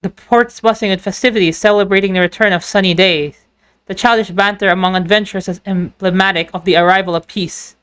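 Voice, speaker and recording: A woman narrating a game story in a voiced playthrough, telling it in a lively storyteller manner. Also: mid-range voice, brisk, clear, resonant tone. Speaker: fan dubber narrating a game.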